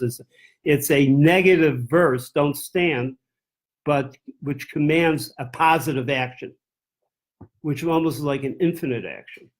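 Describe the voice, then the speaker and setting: A rabbi with a mid-range voice teaches a text-study class, reading verses aloud in Hebrew and translating them. He thinks aloud as he goes, with restarts and self-corrections.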